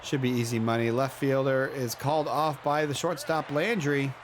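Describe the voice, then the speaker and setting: A man in his thirties doing casual play-by-play of a baseball video game, chatty and joking, with excited outbursts. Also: medium pitch, moderate pace, slight background noise. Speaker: play-by-play commentator.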